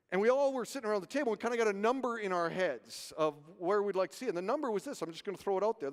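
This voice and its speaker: A man preaching a sermon as pastor, telling stories and asking rhetorical questions. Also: sits high. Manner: animated storytelling, rhetorical questions. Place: church sanctuary. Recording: reverberant hall.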